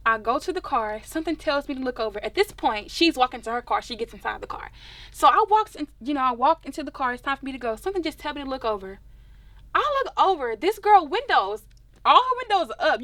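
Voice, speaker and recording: A young woman, a singer telling stories in a casual interview, expressive and animated. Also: high voice, dry recording. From Dallas, Texas.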